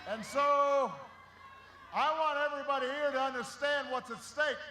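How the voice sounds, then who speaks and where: Man, campaign rally speech, rousing and shouted, bright tone, faint ambience. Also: very high-pitched, steady tone, normal speed, roomy sound, slight background noise. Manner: rousing, shouting over a crowd. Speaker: political speaker at a rally. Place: large rally venue.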